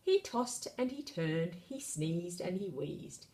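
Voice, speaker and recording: A woman reads a children's picture book aloud with lively, expressive narration. Her pitch swoops up and down as she tells the story. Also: takes it slowly.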